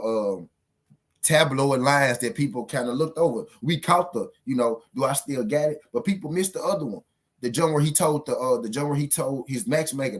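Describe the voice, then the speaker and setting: A man giving casual boxing commentary on his own show, emphatic and profane, repeating points for effect. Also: mid-range voice.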